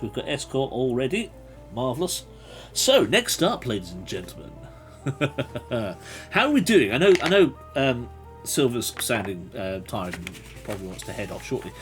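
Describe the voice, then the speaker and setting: A man runs a gamebook session live, reading choices aloud and chatting with his audience. His pitch swings freely, and he laughs often. He thinks aloud in a loose, friendly way. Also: very animated, moderate pace, faint music behind. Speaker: game master and livestream host.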